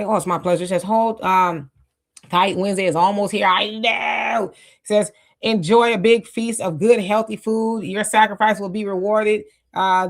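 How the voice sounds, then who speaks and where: Hosting a casual live stream, a middle-aged woman reads out viewers' comments in a mid-range voice, her mouth dry because she's fasting. She speaks loosely and reflectively, with many fillers and restarts.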